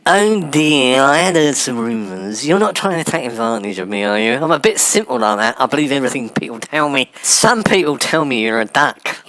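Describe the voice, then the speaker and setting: Snidebottom, a prim nasal fusspot. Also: male voice, mid-range voice, very animated, normal speed, hardly any pauses, fairly bright tone, some chatter behind. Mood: prim fussing. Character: prim fussy simpleton man, nasal and put-upon.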